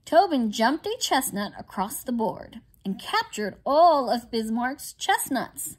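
A woman reading a children's story aloud at a slow, careful pace. Her voice is high and lively, rising and falling freely. She takes her time over each sentence. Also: breathy edge. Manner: expressive, deliberate storytelling. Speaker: library storyteller.

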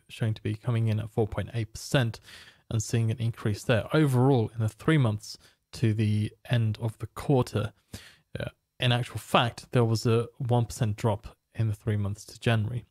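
A man presenting a financial market preview, walking through economic data in a steady, explanatory way. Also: mid-range voice, no room sound, clean studio sound. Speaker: market analyst.

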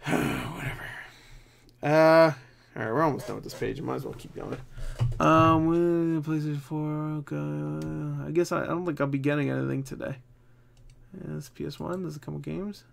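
A man's voice: mid-range voice, gravelly, fairly bright tone. A tired young man grumbling and swearing as he talks casually while browsing game listings, with jokes at his own expense. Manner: profane, grumbling, frustrated, self-mocking. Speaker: gaming channel host.

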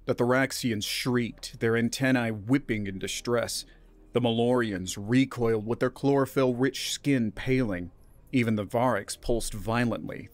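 A man narrating a scripted science fiction story in a steady, even reading voice. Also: mid-range voice.

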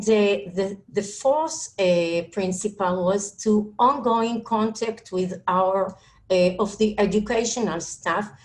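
Israeli woman, non-native English, slow halting webinar talk, video-call audio, many fillers. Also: mid-range voice. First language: Hebrew. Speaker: school administrator speaking on a panel. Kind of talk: webinar presentation.

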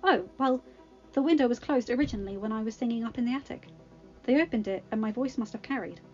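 Lady reading as a gentle young girl, kinda high and excited, muffled recording, faint music. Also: fast talker, natural voice. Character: kind shy young woman who befriends animals. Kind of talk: storybook reading.

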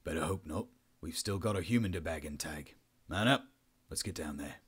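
A man voicing a brisk male military commander in an audiobook-style sci-fi reading, speaking in curt, commanding bursts. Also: extremely low pitch, breathy edge, pitched below the performer's own voice, full character voice.

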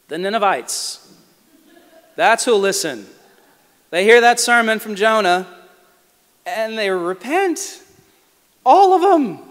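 A man delivering a lively sermon as a guest preacher, with quick asides and acted-out quotes. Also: sits high. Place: large church sanctuary. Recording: long church reverb.

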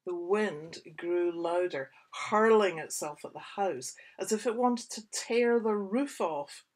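A woman, a children's author, reading her picture book aloud for young children with expressive, whispery asides. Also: medium pitch, slow.

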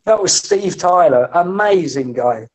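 A middle-aged man, a podcast guest telling lively anecdotes in casual conversation and acting out the voices he quotes. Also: sits high, unhurried. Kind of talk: storytelling in a casual interview.

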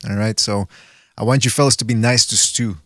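A man's voice: lowish voice, steady tone, brisk, a bit bright, no echo, clean studio sound. A man hosting a podcast, chatting in a teasing way. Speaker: host. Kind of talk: casual podcast chat.

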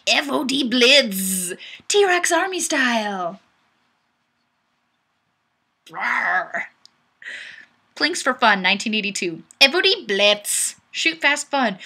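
A woman's voice: fairly high pitch, bright, forceful tone, husky. A young woman hosting a webcam chat, reading viewer comments aloud in a bubbly, playful way and laughing often. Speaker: webcam show host. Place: home webcam setup. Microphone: webcam microphone.

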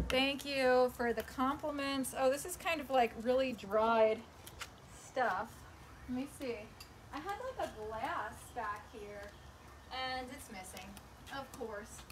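A young woman chatting casually on a live stream while painting, mocking herself and talking to her dog and her viewers. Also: high voice. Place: outdoors at home. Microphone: handheld phone camera. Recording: faint background noise.

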